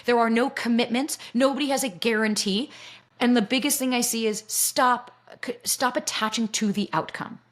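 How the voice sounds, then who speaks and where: A woman dating coach talking candidly as a podcast guest, blunt and energetic, swearing freely. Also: a little high, moderate pace.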